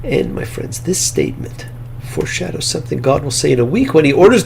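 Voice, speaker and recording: Male rabbi, gravelly and animated, sermon delivery with dramatic whispered drops. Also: a little high, slight background noise. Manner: slow, dramatic delivery with hushed whispered phrases. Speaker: rabbi and show host. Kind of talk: sermon-style Torah teaching.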